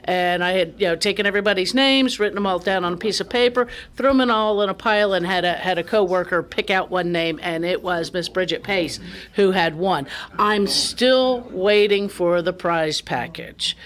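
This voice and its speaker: A woman hosts a gardening call-in show on the radio, chatting casually into a studio microphone. She rambles along, restarting sentences and filling pauses as she goes. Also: fairly low pitch, fairly bright tone.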